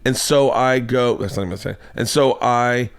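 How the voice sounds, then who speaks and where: A man's voice: mid-range voice, moderate pace, clear, resonant tone. A man hosting a podcast, telling a long story in casual chat, swearing freely and putting on voices for other people. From United States. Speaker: podcast host.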